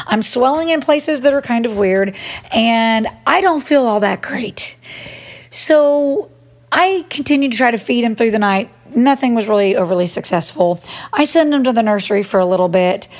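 Animated woman telling a story. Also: high voice. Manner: animated, self-mocking storytelling with acted-out quotes. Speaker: mom vlogger. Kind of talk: storytelling monologue.

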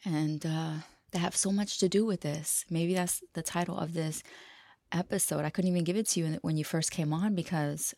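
Gravelly low woman, rambling podcast talk. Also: fairly even intonation, normal speed, dry recording, studio quality. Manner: rambling, laughs often, drops to a hushed whisper at times. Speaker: podcast host. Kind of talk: casual freestyle monologue.

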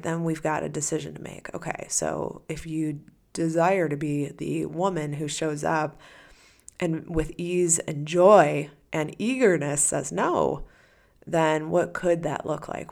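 A woman's voice: sits low, steady tone, a little slow, gravelly, darkish tone. A woman hosting a solo podcast as a coach, talking casually and animatedly, acting out the listener's inner voice.

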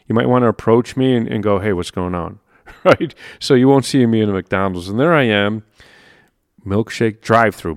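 Male motivational speaker, low voice, conversational and emphatic, dry close sound. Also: dry recording. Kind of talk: motivational monologue.

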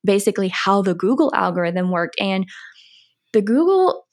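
A young American woman talks as a podcast guest in a relaxed, conversational way. She laughs easily and fills her sentences with "like" as she explains things. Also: medium pitch, moderate pace. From United States. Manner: chatty, laughs often, lots of "like" fillers. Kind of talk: casual interview conversation.

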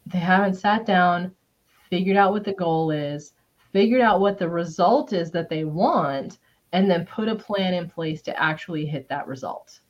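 A woman's voice: on the low side, normal speed. A woman talking in a casual coaching chat, emphatic, acting out quoted thoughts in a raised voice. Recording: slightly dull lo-fi sound.

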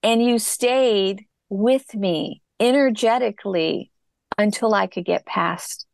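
A middle-aged woman appears as an interview guest, sharing her own story in a reflective, earnest manner and slowing down at points. Her medium-pitched voice has a creaky quality, captured in clean, echo-free studio sound.

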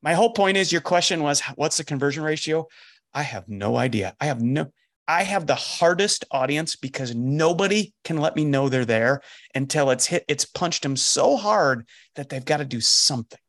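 This time the podcast host's voice is fairly high and his pace moderate. The middle-aged life coach tells a story conversationally and animatedly, acting out the dialogue he quotes.

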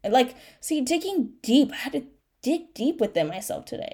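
A woman's voice: sits high, very animated, normal speed, warm tone, breathy edge. A young woman hosting a solo podcast, talking candidly and emotionally about her struggles, encouraging herself and her listeners, often tearful. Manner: candid, self-encouraging, with frequent fillers and restarts. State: tearful at times. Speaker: podcast host.

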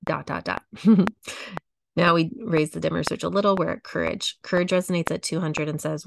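A middle-aged woman teaching a coaching lesson, walking through a chart at a slow, measured pace and repeating her phrases. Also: low voice, steady tone, creaky, a little hiss or hum. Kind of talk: teaching talk, reading a chart aloud.

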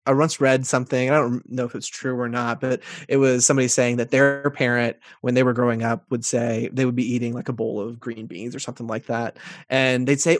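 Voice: mid-range voice, little pitch movement, fairly quick, hardly any pauses, no echo, clean studio sound. A podcast host chatting casually, affirming the guest and telling short anecdotes. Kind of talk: podcast interview conversation.

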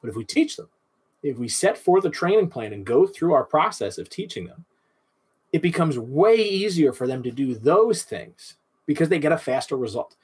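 A man's voice: on the high side, very animated, moderate pace, breathy edge. A man in his thirties, a dog trainer giving an instructional talk, asking himself questions and answering them.

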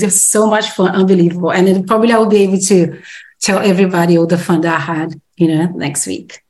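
A woman giving an excited, emotional gratitude share, repeating words for emphasis, her voice slightly quivering. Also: fairly low pitch, fast. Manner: repetitive, emphatic, laughs between phrases. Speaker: community member sharing gratitude. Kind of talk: casual heartfelt share.

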